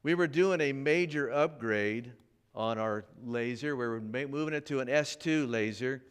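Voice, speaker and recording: A man's voice: mid-range voice, moderate pace, smooth. A man preaching a sermon, telling a personal story and acting out the voices of the people in it. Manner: animated, acts out quoted voices. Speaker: pastor. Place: church.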